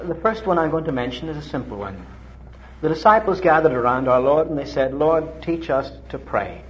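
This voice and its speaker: Middle-aged male preacher from Ireland, lively storytelling sermon, muffled old recording. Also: a little hiss or hum. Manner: animated storytelling with dramatic pitch leaps.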